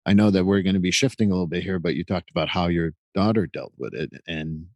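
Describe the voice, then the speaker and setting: Male podcast host, very low voice, gentle and reflective, dry sound. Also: quick pace, dry recording. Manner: gentle, reflective, a little rambling. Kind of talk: interview conversation.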